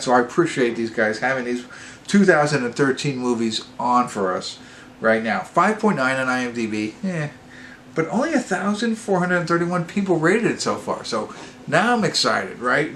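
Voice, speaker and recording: A man's voice: fairly high pitch, slight background noise. A man hosting a casual movie review vlog, talking in a meandering way, correcting himself and getting worked up as he goes. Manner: meandering, self-correcting, gets excited. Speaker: movie reviewer, channel host.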